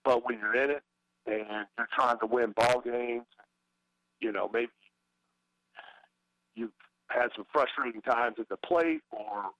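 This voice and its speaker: A man's voice: mid-range voice, a little slow, pauses often, fairly bright tone, no room sound, rough recording. A middle-aged man, a former baseball player, talking as a guest in a casual interview, hesitant with many fillers and restarts.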